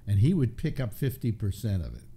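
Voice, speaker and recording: A man's voice: lowish voice, brisk, slightly rough. An older man hosting a talk show, rambling through anecdotes in casual chat. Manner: rambling, storytelling, lively.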